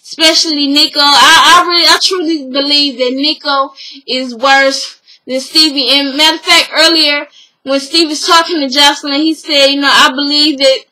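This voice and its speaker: A young woman chats through a reality show recap in a high, bright voice. She is animated, acts out each quote in her own voice and laughs along as she goes. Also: normal speed, low-quality recording. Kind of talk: casual episode recap.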